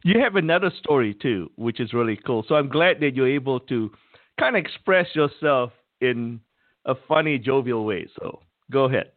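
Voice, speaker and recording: A man from Malaysia hosting an interview, warmly encouraging his guest with frequent agreement. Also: mid-range voice, expressive, moderate pace, no room sound. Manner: encouraging, lots of mm-hmms. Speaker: host. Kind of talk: casual interview. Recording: tinny dry phone line.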